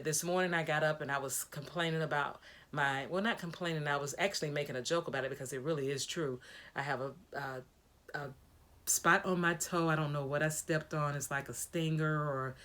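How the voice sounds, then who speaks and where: A woman's voice: low voice, a bit bright. A woman vlogger talking casually to her viewers in a video diary, giving an upbeat, preachy pep talk.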